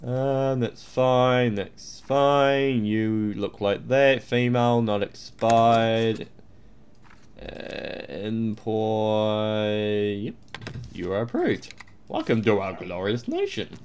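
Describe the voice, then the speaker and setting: A man's voice: fairly low pitch, lively intonation, very slow, darkish tone, clear, resonant tone. A man giving playful, mock-official gameplay commentary, humming to himself and swearing now and then. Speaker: let's play host.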